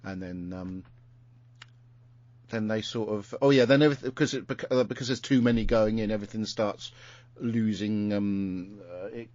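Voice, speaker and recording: A man's voice: lowish voice, moderate pace, darkish tone, no echo. Rambling man recapping an episode. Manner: rambling, many fillers and restarts. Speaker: podcast host. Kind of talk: casual chat recapping an episode. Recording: muffled lo-fi recording.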